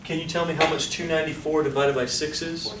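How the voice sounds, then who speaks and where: A fairly high-pitched man lectures on statistics quickly, with fairly even intonation. He keeps an upbeat manner, quizzing students and coaxing their answers. The audio is echoey, noisy, and taken from a distant mic.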